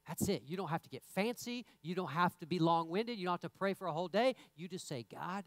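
A man's voice: sits high, expressive, fast, few pauses, dry recording. A man preaching a sermon in a church in a conversational way, often repeating words and rising into emphatic bursts. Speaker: pastor. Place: church sanctuary.

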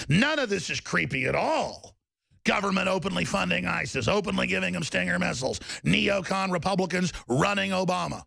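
A man's voice: high voice, animated, moderate pace, vocal fry, pushed and bright, no room sound, clean studio sound. A man hosting a talk radio show, ranting in a mocking, sarcastic, heated monologue.

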